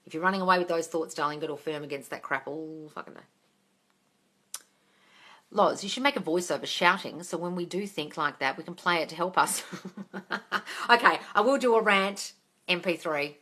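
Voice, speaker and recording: A woman reads out and answers viewer questions on a live stream. She is blunt and sweary and keeps calling people darling. Her voice sits a little low but sounds bright and forceful. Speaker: manifesting coach. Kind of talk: livestream Q&A.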